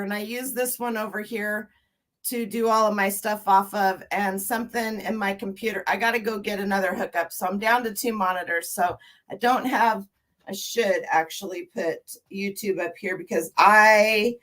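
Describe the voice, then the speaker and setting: Her mid-range voice carries a warm, casual livestream as this woman in her fifties laughs and welcomes each viewer by turn.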